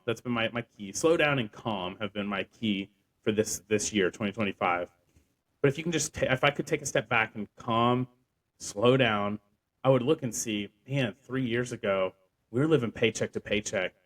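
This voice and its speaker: A man's voice: medium pitch, expressive, normal speed, a bit bright. A young man hosting a podcast, telling a personal story in a rambling way with lots of fillers and restarts. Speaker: podcast host. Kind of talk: casual storytelling.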